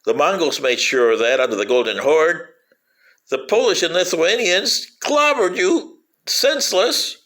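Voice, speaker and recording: A man's voice: fairly high pitch, bright, forceful tone. A man giving a sarcastic, rambling monologue to camera, teasing his listeners with sing-song taunts and cackles. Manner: rambling with frequent fillers. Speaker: political commentator.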